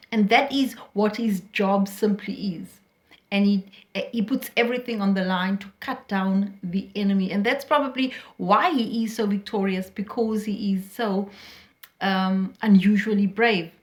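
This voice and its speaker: A woman teaches a play line by line and rephrases the old verse in plain words. Her delivery is patient and unhurried, with frequent "um"s, at a middle pitch. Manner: patient paraphrasing with fillers. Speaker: literature teacher. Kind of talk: explaining a play scene by scene.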